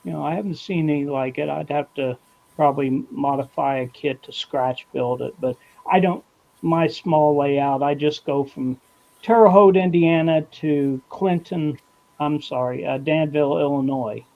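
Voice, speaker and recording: A man chatting casually on a video call, relaxed and rambling. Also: a little high, unhurried, creaky, lo-fi sound. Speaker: guest. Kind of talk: casual chat.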